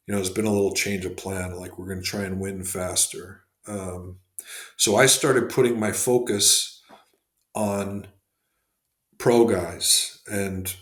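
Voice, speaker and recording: A man's voice: deep voice, fairly bright tone, roomy sound. A man telling stories as a guest on a podcast, rambling with lots of fillers and restarts. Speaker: guest, former hockey executive and scout. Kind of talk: casual podcast interview storytelling.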